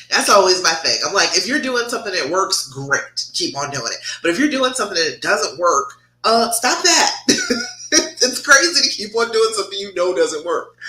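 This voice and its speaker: A woman's voice: lowish voice, pushed and bright. A woman love coach giving frank, sassy relationship advice on a livestream and answering viewer comments. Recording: echoey room.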